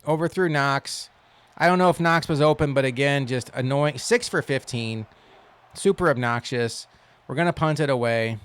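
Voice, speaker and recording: A man giving casual commentary while playing a football video game, wry and quick to complain, then cheering loudly on big plays. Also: mid-range voice, clean tone. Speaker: gaming channel host.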